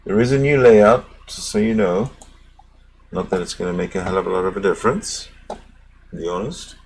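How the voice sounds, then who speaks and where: A man's voice: sits low, moderate pace, a little mellow, slight background noise. A man hosting a casual livestream, muttering to himself as he clicks around and signs off with teasing sarcasm. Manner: muttering to himself while navigating a screen. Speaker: livestream host.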